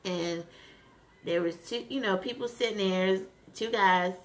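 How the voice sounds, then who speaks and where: A woman vlogger casually recapping a TV episode, retelling scenes in an animated way with lots of fillers. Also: medium pitch, a little slow. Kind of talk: casual chat.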